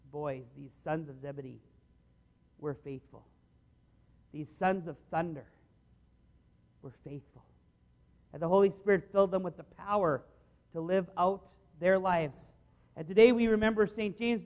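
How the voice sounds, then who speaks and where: A male preacher with a notably high voice, giving a sermon. He speaks earnestly and conversationally, often stopping mid-sentence to rephrase before pressing on. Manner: earnest, conversational, many restarts.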